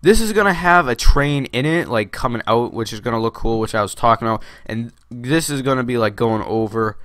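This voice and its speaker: A man's voice: medium pitch, animated, fairly quick, a bit bright, no room sound. Rambling man with a dry sound. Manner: rambling, lots of fillers and restarts. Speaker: Minecraft video host. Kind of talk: casual gameplay commentary.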